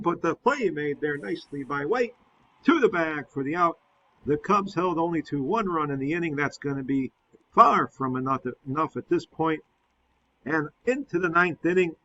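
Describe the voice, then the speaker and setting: Excitable baseball play-by-play man. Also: a little high, muffled recording, slight background noise. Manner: excited calls on big hits, chatty recap. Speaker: play-by-play commentator of a simulated game.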